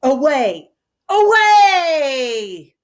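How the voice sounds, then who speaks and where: A woman's voice: sits high, takes it slowly. A woman reading a raging old king. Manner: declamatory, cursing, tearful. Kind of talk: solo reading of a play.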